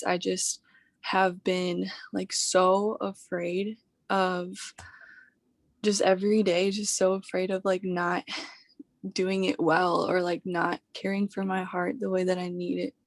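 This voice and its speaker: A woman's voice: lowish voice, level tone, slow, dry recording. A young woman in her twenties, a coaching client on a video call, grieving and hesitant, with many fillers.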